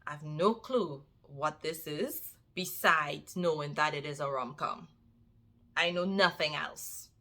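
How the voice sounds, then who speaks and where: A woman vlogger chats casually to her viewers at an unhurried, lingering pace. Her voice is bright and forceful, and she stresses points by repeating phrases. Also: deep voice. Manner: animated, repeats phrases for emphasis, addresses viewers as y'all. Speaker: book vlogger. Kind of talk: casual chat to camera.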